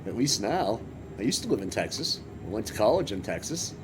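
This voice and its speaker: A man from Massachusetts talks his way through a farming game stream, with a low voice that jumps around a lot in pitch. He rambles and cracks jokes as he plays. Engine rumble from the game vehicles runs clearly underneath. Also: big pitch swings, brisk. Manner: chatty, rambling, joking asides. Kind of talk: casual gameplay commentary.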